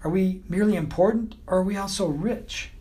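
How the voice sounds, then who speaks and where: A man's voice: high-pitched, brisk, dark tone, voice pushed up, close to an everyday voice. A man voicing a glamorous, flirtatious female beagle with a sultry, coy manner in an audiobook. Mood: teasing. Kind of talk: audiobook character voice.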